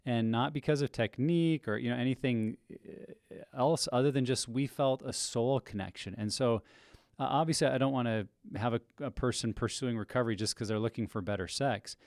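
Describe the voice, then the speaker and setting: A married man speaking on a podcast in a measured, thoughtful way. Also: mid-range voice, a little mellow, dry recording, studio quality. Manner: measured and thoughtful, with some restarts. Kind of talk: reflective podcast discussion.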